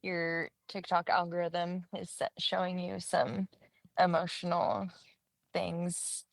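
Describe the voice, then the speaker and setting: A woman's voice: lowish voice, steady tone, takes it slowly, vocal fry, dry recording. A woman in casual chat, telling stories and acting out quoted lines with laughter. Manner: chatty storyteller, often laughing, acts out quotes. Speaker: guest co-host, younger sister.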